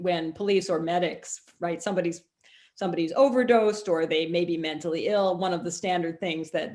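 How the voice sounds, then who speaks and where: Low-voiced woman telling stories. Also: a little mellow. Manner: chatty, frequent ums and restarts. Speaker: author guest. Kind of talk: conversational storytelling.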